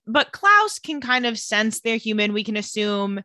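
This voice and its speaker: A woman's voice: a little high, very animated, normal speed, few pauses, pushed and bright, dry recording, studio quality. A young adult woman co-hosting a podcast, chattily recapping a TV episode. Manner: chatty storytelling. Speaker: podcast co-host.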